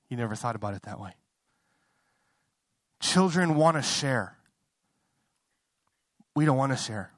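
A man's voice: normal speed, pauses often, no echo. Young guy pastor preaching, chatty then fired up, dry close sound. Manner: conversational, building to impassioned high-pitched fervor; self-interrupting, apologetic asides. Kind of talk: sermon.

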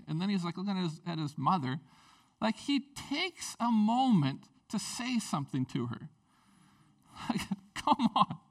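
A young man preaching a candid sermon as pastor, swinging from quiet asides to near-shouting. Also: high-pitched, distant mic.

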